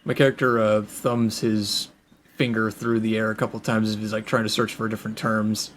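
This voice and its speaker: A man's voice: on the low side, level tone, normal speed. A man chatting as a player in a tabletop game, hesitant and full of fillers. Faint noise hums behind him. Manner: casual, hesitant, lots of fillers. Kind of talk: casual chat at a tabletop game.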